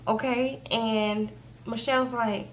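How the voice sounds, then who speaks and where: A woman's voice: on the high side, fairly even intonation, slow pace, slight background noise. A young woman casually recapping a reality TV episode, chatting loosely and often asking "okay?". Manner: chatty, frequent "okay?" and "like" fillers. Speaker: TV show reviewer.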